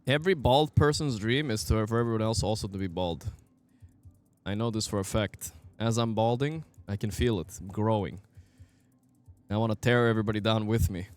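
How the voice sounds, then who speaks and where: A man streaming a game, giving casual, excitable commentary, swearing often and talking to his chat. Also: lowish voice, normal speed, clear, resonant tone, faint music behind.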